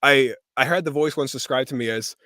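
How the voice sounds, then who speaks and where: A man, a voice actor guest on a live-stream interview, telling stories in a relaxed way and laughing easily. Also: medium pitch, fairly quick, no room sound, clean studio sound.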